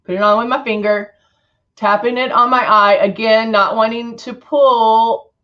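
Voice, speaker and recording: A woman's voice: a little high, steady tone, unhurried, lo-fi sound. A middle-aged woman hosting a live makeup demo, chatting casually, laughing often and reading viewer comments aloud. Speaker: live stream host.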